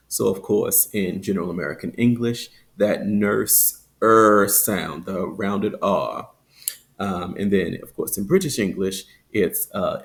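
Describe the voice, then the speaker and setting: A man teaching phonetics, explaining with frequent ums and slowly demonstrating example sounds. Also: lowish voice, creaky. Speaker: accent teacher.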